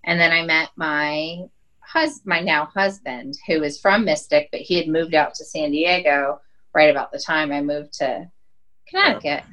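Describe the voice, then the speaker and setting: Chatty woman with a low voice. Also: steady tone, moderate pace, a bit bright, low-quality recording. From Wyoming. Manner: chatty storyteller, many "like" and "um" fillers. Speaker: podcast guest. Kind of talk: casual chat.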